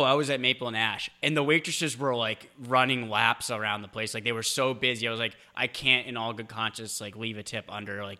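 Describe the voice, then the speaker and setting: Co-host pria yang bertele-tele dan penuh opini, suara sangat cerah. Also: male voice, medium pitch, pushed and bright. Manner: rambling, opinionated, many fillers. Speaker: podcast co-host. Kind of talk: casual chat.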